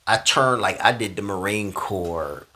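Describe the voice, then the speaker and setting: A man telling a personal story to camera in a casual, slangy way, dropping into hushed asides and rising into loud bursts. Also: on the low side, measured pace.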